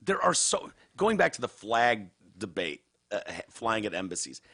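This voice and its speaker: With a lowish, sing-song voice that sounds bright and forceful, this Midwestern American man hosts a casual podcast at a moderate pace. His banter is blunt, sarcastic, and heavy on profanity.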